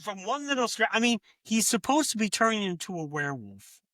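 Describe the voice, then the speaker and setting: A man co-hosting a podcast, talking through a film in halting, repetitive casual chat, often ending with "no?". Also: high-pitched, very animated, fairly bright tone, no room sound. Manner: hesitant, repeats words, ends points with "no?". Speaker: podcast co-host.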